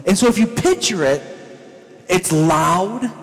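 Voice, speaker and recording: A male pastor preaching a sermon in a church, with animated storytelling that acts out scenes. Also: sits high, slow pace, big-room sound, low-quality recording.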